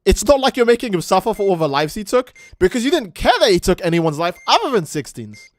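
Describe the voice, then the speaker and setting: Animated, swearing male game streamer. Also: high-pitched, fast talker. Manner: profane, ranting, animated. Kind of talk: casual gaming stream commentary.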